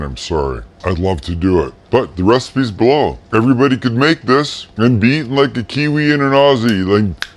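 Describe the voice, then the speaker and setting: Chatty middle-aged man cooking on camera. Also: on the low side. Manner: enthusiastic, chatty, exclaims over the food. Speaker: cooking show host. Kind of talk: casual cooking demo talk.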